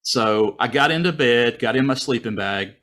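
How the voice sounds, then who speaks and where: A man in a relaxed, chatty storytelling mode, talking over a video call. He jumps into a higher, livelier voice whenever he plays out his own thoughts from the story. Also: normal speed. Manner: animated, acts out his own thoughts in a raised voice. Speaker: guest storyteller. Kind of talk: casual personal storytelling.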